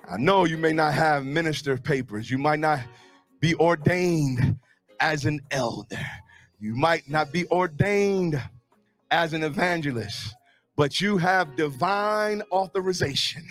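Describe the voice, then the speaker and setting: A man preaching a sermon to an outdoor congregation, fervent and building to shouted exclamations. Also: on the high side, animated, unhurried, faint music behind. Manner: fervent, rising to shouted exclamations with call-and-response. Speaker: pastor. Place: outdoors, parking lot service.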